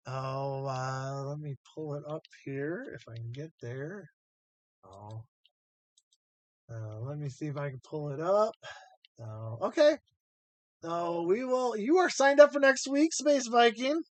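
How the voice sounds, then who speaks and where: A man chats through a live stream in an unhurried drawl, his pitch swinging up and down as he rambles and thinks aloud. The sound is dry, with no room around it. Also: no echo. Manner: rambling, chatty, thinks aloud while sorting coins. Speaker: live-stream host hunting coins. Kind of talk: casual live-stream chat.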